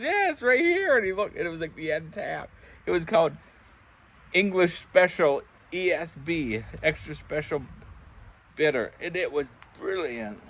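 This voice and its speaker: A man's voice: a little high, animated, normal speed, fairly bright tone. An older man telling rambling, chuckling pub anecdotes in a casual vlog, acting out the voices he quotes. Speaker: vlogger. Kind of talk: casual storytelling. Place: backyard pub shed.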